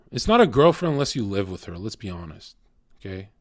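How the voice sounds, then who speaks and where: A young man lectures his livestream chat in a crude, cocky monologue full of swearing. His voice sits on the low side, recorded at studio quality with no room sound.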